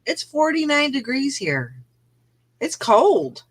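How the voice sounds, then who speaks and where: A woman hosting a morning show in casual chat, chatty and quick to laugh. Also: high-pitched, very animated.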